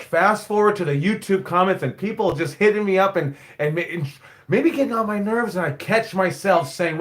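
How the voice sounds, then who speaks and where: He speaks in a high voice at a moderate pace. The man, in his forties, owns a wrestling school and is its head coach, and on a casual live stream he rambles, talks bluntly, and swears freely while telling stories.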